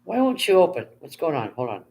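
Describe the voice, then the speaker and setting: A woman's voice: deep voice, big pitch swings, brisk, creaky, dark tone, breathy edge. Chatty woman live streaming. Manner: chatty, rambling, swears freely, reads chat aloud. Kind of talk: casual live stream chat.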